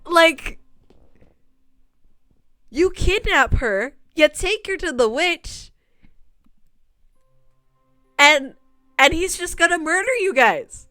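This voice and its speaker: A woman's voice: very high-pitched, pushed and bright, dry recording. A woman streaming a visual novel, talking casually and sarcastically at the characters, laughing in disbelief. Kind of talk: casual gameplay commentary.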